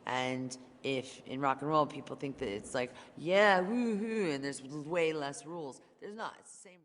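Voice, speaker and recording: A woman's voice: rumbling low, normal speed, in a large hall. Rambling, candid woman in an interview. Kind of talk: casual interview chat.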